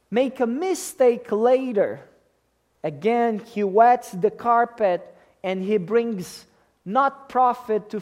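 A man's high voice with a darkish tone carries this emphatic sermon from a pastor to his congregation, which he keeps checking in with through questions.

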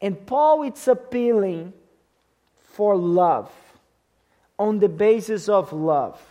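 A man's voice: sits high, animated, slow, dark tone. A man preaching a sermon to a congregation in an emphatic way, often checking in with them by asking questions. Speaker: pastor.

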